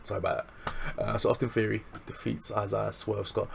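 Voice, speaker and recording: A man with a gravelly, slightly low voice talks through a show recap in a loose, excitable way. His speech is slangy and full of chuckles. There is a faint hiss behind him. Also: a little fast. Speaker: wrestling show reviewer. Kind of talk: casual recap chat.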